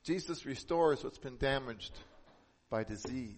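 A man sermonizes as pastor, his voice mid-range and his manner earnest. He swells for emphasis and settles into a slow, gentle register on the important lines.

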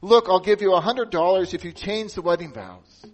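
Man as a scheming groom, muttering a quick deal in a lighter voice. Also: high voice, pitched above the performer's own voice, rough recording. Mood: wheedling. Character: young groom trying to bribe the pastor.

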